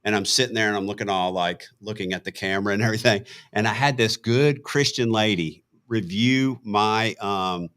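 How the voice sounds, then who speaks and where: A middle-aged man hosting a podcast, telling a conversational story as an animated storyteller who acts out the quotes. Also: fairly low pitch, normal speed, hardly any pauses. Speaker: podcast host.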